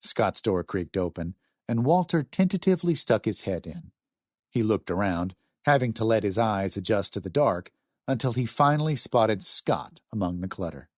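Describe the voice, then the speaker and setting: Brief: male audiobook narrator, expressive, deep-ish, dry studio sound. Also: normal speed, dry recording.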